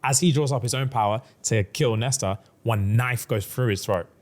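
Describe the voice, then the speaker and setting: A man's voice: medium pitch, moderate pace. A man co-hosting a podcast, telling a fantasy plot in casual chat and acting out the characters' lines with heavy slang. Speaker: podcast co-host.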